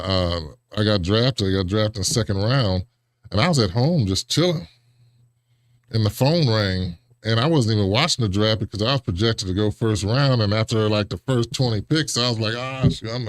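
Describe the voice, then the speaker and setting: Low-voiced man telling lively stories. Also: no room sound, clean studio sound. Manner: animated, acts out remembered dialogue with big pitch jumps, chuckles. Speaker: interview guest, former pro football lineman. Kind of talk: casual storytelling interview.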